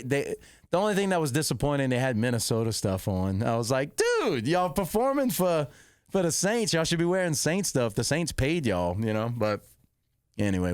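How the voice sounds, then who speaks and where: A middle-aged man, hosting a podcast, rambling and correcting himself as he excitedly recounts a football game. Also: a little high, clean tone, no room sound, studio quality. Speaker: podcast host. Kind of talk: casual storytelling.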